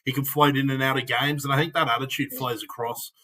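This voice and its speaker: A man's voice: medium pitch, steady tone, fast, pushed and bright, rough recording. An Australian man co-hosting a casual sports chat, chatty and laughing often. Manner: chatty, laughs often, lots of fillers like "look" and "mate". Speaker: podcast co-host.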